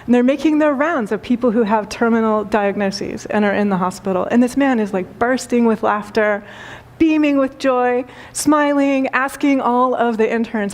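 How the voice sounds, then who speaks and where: A woman spiritual teacher giving a talk and telling a story, speaking gently with repeated phrases and frequent laughter. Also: on the high side, normal speed. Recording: long hall reverb.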